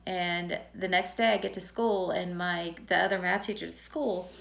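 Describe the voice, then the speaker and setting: A woman's voice: fairly low pitch, fairly even intonation, normal speed, creaky, fairly bright tone. Woman telling a personal story. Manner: candid, conversational, retells dialogue. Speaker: teacher.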